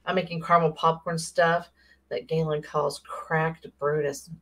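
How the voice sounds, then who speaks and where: A woman's voice: deep voice, level tone, unhurried. A woman co-hosting a podcast, chatting casually and joking playfully. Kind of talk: casual chat.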